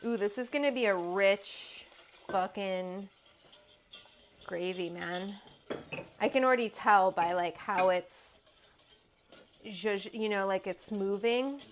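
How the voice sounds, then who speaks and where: A woman's voice: medium pitch, unhurried, a little hiss or hum. A woman from Alberta, Canada, hosting a casual cooking livestream in her home kitchen, chatty and rambling with casual swearing. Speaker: cooking show host.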